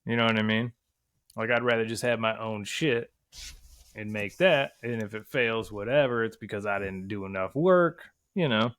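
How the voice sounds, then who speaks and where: A man's voice: lowish voice, normal speed, fairly bright tone, no room sound, studio quality. A man talking as a podcast guest in a casual chat, rambling and swearing a lot, often slipping into voices to act out quotes. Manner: rambling and heavily profane; acts out quotes in a voice.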